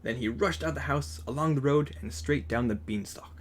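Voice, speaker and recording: Male storyteller, husky tone, gentle read-aloud for kids. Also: mid-range voice, moderate pace. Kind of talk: reading a children's picture book aloud.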